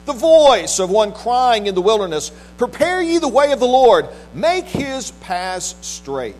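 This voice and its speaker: A man's voice: very high-pitched, big pitch swings, darkish tone, poor audio. A male pastor reading scripture solemnly, then preaching with a few restarts. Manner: measured, solemn reading with restarts in plain talk. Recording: faint mains hum.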